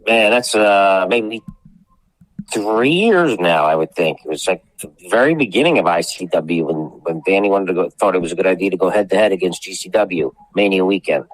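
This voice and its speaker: A man's voice: sits low, animated, moderate pace, dry recording, low-quality recording. A man telling wrestling backstage stories on a podcast, rambling and acting out the people he quotes, with some swearing. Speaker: wrestling promoter guest. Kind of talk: casual podcast storytelling.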